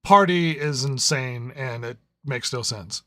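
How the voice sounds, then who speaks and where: A man's voice: mid-range voice, measured pace, sharp tone, no echo, studio quality. A man co-hosting a podcast, chiming in with wry comments in casual chat and mocking the characters. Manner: wry commentary that mocks characters in mini voices. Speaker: podcast co-host.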